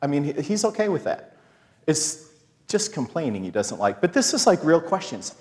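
A man's voice: a little high, very animated, normal speed, darkish tone. A man telling a rambling, self-mocking story as a sermon, acting out the quotes in his story. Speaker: preacher. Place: church hall with audience. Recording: long hall reverb.

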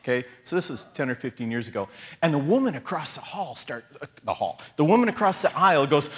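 A man with a somewhat high, very lively voice preaches in a church, wandering through a story and poking fun at himself. He acts out the lines of the people in his tale. A long reverb hangs on his words from the hall. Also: quick pace. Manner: rambling, self-mocking, acts out quotes. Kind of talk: storytelling sermon.

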